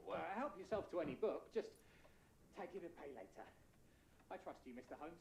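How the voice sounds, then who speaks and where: Woman putting on a low, mumbling nervous shopkeeper man. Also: expressive, brisk, a little mellow, echoey room, slight background noise, poor audio. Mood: evasive. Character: evasive middle-aged male shopkeeper, nervous.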